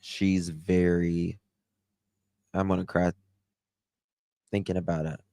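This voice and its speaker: A tired livestream host with a drawl talks loosely to his chat and reads out names. His voice sits very low. The sound is dry and close to the mic. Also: little pitch movement, slow pace, dark tone, no room sound. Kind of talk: casual livestream chat reading comments.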